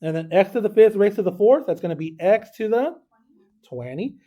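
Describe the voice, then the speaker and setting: A man's voice: high voice, expressive, moderate pace, warm tone. A man teaching a math class, talking through arithmetic step by step and checking in with students. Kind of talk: classroom lesson.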